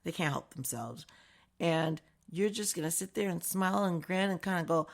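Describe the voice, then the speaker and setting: A woman from the United States delivers a casual opinion monologue with a gravelly edge. Her voice sits a bit low. She talks in a chatty, sarcastic way and laughs often. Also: lively intonation, normal speed. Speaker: political commentary host.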